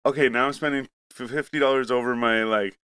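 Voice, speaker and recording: A man's voice: mid-range voice, steady tone, fast talker, fairly bright tone, clear, resonant tone, no echo. A young man from Canada in casual chat, telling a rambling, profane story with acted-out asides.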